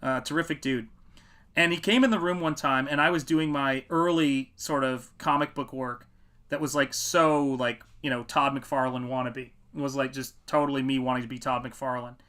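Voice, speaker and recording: A middle-aged man, a comic artist, chatting on a livestream and telling animated stories. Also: mid-range voice, moderate pace. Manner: animated storytelling, acts out quotes. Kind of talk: casual livestream chat.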